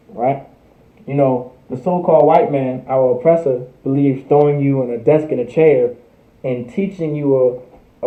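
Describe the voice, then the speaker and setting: A man teaching a live-streamed language class, repeating words and checking in with "right?" again and again. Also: mid-range voice. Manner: repetitive, checks in with "right?" constantly. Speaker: class instructor. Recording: tinny phone-like echoey stream.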